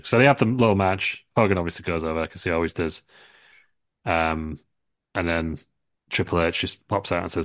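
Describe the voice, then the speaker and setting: A man's voice: sits low, a little fast, no echo. A young man, a podcast co-host, telling an absurd comedy story in a rambling, sweary, restart-heavy way.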